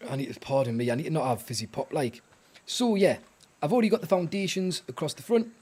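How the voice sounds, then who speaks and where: A man's voice: mid-range voice, a little mellow, slightly rough. A man streaming a survival game live, chatting to himself and his viewers in a rambling, self-mocking way. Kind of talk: live gameplay chat.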